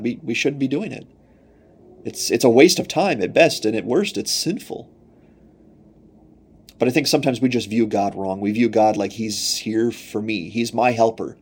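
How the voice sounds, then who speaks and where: Husky-voiced man preaching earnestly. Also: medium pitch, a little mellow. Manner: earnest, repetitive rhetorical questions, rises when quoting God. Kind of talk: sermon.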